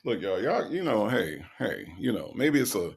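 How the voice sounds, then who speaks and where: A man from the American South hosting casual reaction commentary, animated and mocking, with a gravelly voice. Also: fairly low pitch, moderate pace. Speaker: commentary channel host.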